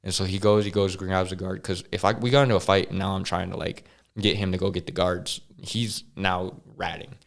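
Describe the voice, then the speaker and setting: A man as a podcast guest, earnestly telling a personal story with halting restarts and sighs. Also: sits low, level tone, vocal fry. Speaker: interview guest.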